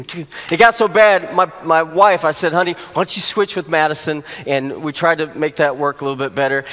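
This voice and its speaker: A man, a pastor, telling a humorous personal story during a sermon, animated at the funny moments. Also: high-pitched. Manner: storytelling, rising to animated exclamations for comic effect. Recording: long hall reverb.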